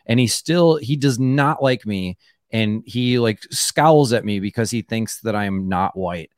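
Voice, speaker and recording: A man chatting as a comedy guest in a rambling way, full of "like" and restarts. His voice sounds smooth and fairly low. The recording is dry and close. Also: a little slow, no echo. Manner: rambling, many fillers and restarts. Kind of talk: casual chat.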